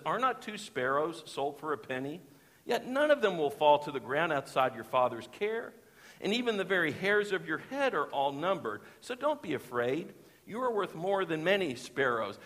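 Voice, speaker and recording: A man delivers a sermon with a fairly high, earnest voice, pressing hard on key phrases and slowing for scripture. His voice rings with the long reverb of a church sanctuary. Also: fairly bright tone. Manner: earnest, rises in intensity on emphatic phrases, slows for quotes. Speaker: pastor.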